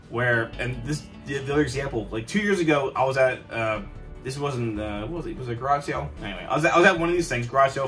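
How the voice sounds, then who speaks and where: A man's voice: medium pitch, a bit bright. A young man talking casually to camera about collecting, rambling with many restarts and fillers. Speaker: collector vlogger. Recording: distant mic, faint background music. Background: faint music.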